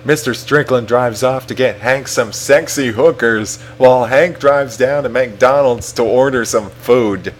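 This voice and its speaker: A young man reading a comedic fan story aloud to a chatroom, animated and often laughing. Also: mid-range voice, a little slow, few pauses, slight background noise, poor audio. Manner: animated, laughing, breaks off to fix typos.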